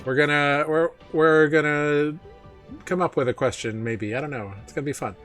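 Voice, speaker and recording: A man running a tabletop game stream as its host, talking in a relaxed, casual way with many fillers. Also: a little high, moderate pace, soft background music. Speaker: game master.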